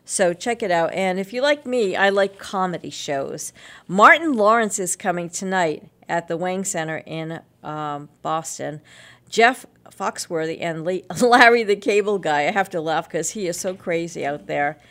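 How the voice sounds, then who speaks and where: A woman's voice: on the low side, expressive, normal speed, a bit bright. A woman hosting a local radio show, chatting casually through event listings with lots of fillers and small laughs. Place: radio studio.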